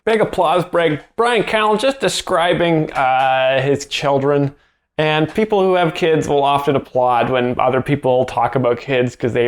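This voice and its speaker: A man hosting a dry, deadpan commentary that explains the jokes, hesitant and over-literal. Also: medium pitch. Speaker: joke explainer host.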